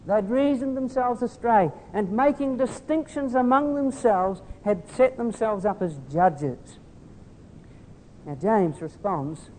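A man preaching a sermon in an earnest manner, moving between soft tender asides and loud emphatic appeals. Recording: hall reverb with faint rumble.

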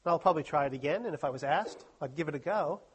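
A man's voice: on the high side, expressive, very fast, slight background noise. A man giving a humorous, self-deprecating talk to a live audience at a Christian study week. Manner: joking, self-deprecating, chatty asides.

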